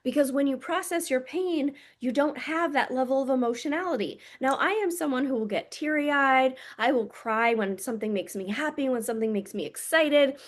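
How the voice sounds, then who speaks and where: A woman's voice: high voice, normal speed, hardly any pauses. A woman speaking as a spiritual coach in a casual monologue to camera, blunt and intimate, swearing freely and calling her listeners "my loves".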